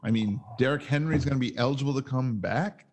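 A man's voice: mid-range voice, quick pace, a little mellow. A man in his forties, a co-host in a casual sports betting chat, brash and emphatic and swearing freely. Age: 40s.

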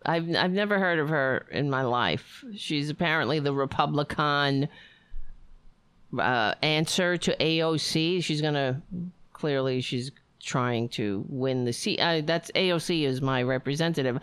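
A woman's voice: low-pitched, measured pace, a bit bright, clear, resonant tone, no echo. A woman streamer reacting to a video with sarcastic, profane commentary.

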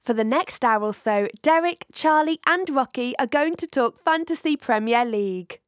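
A British woman with a fairly high voice reads a scripted show introduction. The recording is very dry and close. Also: lively intonation, normal speed, no room sound. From Britain. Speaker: show announcer.

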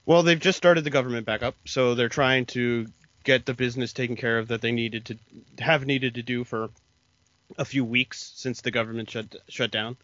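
A man's voice: medium pitch, fairly even intonation, moderate pace, fairly bright tone, no echo. A man co-hosting a casual podcast, explaining TV episode plot and acting out characters' lines. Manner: explanatory, retells scenes with quoted lines. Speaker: podcast co-host. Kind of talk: casual chat recapping a TV episode. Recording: dull lo-fi dry mic.

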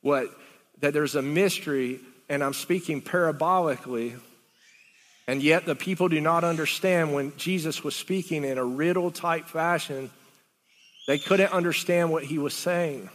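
Male preacher, high bright voice, chatty rambling sermon with rhetorical questions, reverb of a big hall. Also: moderate pace.

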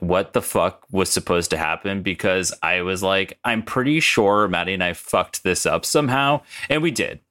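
A man's voice: sits low, a bit bright. A young man hosting a casual podcast, rambling, swearing and laughing as he recaps a story tape. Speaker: podcast co-host.

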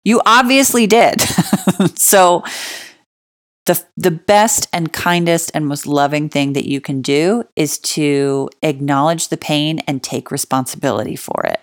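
A woman's voice: low-pitched, a little slow, dry recording, clean studio sound. A woman giving casual spoken advice, stressing key words firmly and chatting with fillers like "like" and "you know". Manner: emphatic, stresses key words, acts out example dialogue. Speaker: relationship advice speaker.

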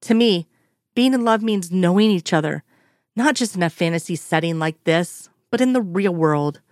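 Frank, strong-willed woman, read by a woman, lowish voice, dry. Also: animated, moderate pace, darkish tone, no room sound, natural voice. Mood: earnest. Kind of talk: fan fiction read aloud.

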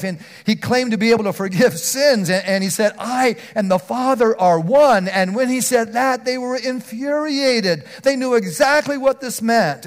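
A man with a high voice preaches an earnest sermon, often restarting words. He swings from loud, emphatic stretches down to a near hush.

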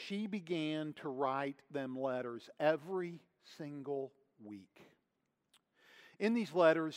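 A man preaching a sermon, telling a story in an earnest, measured way. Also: fairly high pitch. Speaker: pastor. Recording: hall reverb.

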